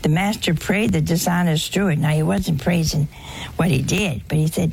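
A woman's voice: low voice, normal speed, gravelly, darkish tone, a little hiss or hum. A woman preaching a sermon to a live audience in a folksy, humorous way, acting out bits of dialogue.

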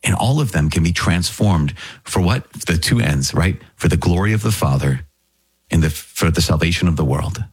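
A middle-aged man, a priest, giving a conversational podcast homily with lively, energetic delivery, now and then jumping into pitched-up quoted voices. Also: normal speed, breathy edge.

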